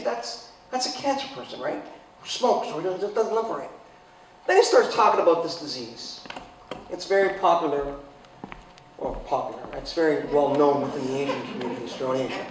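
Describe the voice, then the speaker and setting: A man in his forties telling a comic personal story to a live audience, sarcastic and bursting into loud high exclamations. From Italian heritage. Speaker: event speaker. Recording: echoey hall from far off, faint noise.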